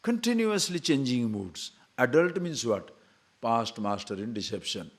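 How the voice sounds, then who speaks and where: A man's voice: medium pitch, very animated, a little slow. Older man giving a mocking spiritual talk. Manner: conversational, mocking asides, acts out quoted voices. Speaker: spiritual teacher. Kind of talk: spiritual discourse.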